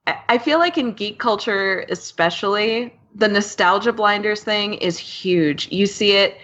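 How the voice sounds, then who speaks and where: A woman who translates, chatting casually in a relaxed, agreeable way. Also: mid-range voice, unhurried. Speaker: translator and co-host. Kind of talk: casual podcast chat. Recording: dull lo-fi sound.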